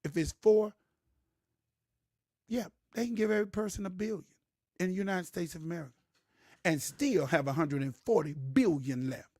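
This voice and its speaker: A man hosting a live talk show for his viewers, animated and preachy, repeating words and getting louder to stress a point. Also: sits high, normal speed, long pauses, no echo, studio quality. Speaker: host.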